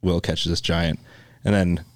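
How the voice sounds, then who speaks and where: Low voiced guy cohosting a podcast, laid back chat, dry close sound. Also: unhurried, no echo. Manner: relaxed, chatty, with many restarts. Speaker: podcast co-host. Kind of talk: casual chat.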